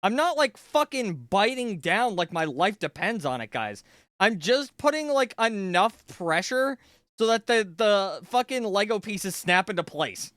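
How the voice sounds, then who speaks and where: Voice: medium pitch, very animated, unhurried, fairly bright tone, no echo, clean studio sound. A streamer chatting casually and playfully during a live build, swearing freely and rambling to the audience. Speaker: livestreamer. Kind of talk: casual livestream chat while building.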